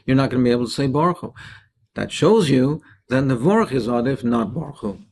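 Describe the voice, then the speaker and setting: A man's voice: medium pitch, animated, fairly quick, gravelly, a little mellow, slight background noise. A man teaching a daily Talmud lesson, explaining each Aramaic phrase and translating it.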